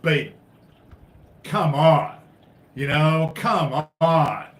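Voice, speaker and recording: A man hosting a live stream, ranting in a frustrated, profane way that swings between loud outbursts and low muttering. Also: very slow, echoey room. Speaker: livestream host.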